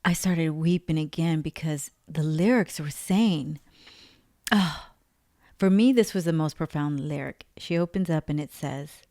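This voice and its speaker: A woman's voice: low voice, measured pace, darkish tone, no room sound, studio quality. A woman giving an earnest, emotional spiritual testimony, repeating phrases for emphasis. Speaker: faith vlogger.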